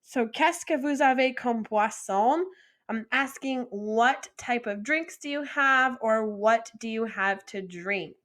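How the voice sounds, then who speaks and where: Slow, patient woman teaching French. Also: on the high side, a bit bright. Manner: patient, encouraging, models pronunciation slowly. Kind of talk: slow, deliberate vocabulary lesson with repeat-after-me drills.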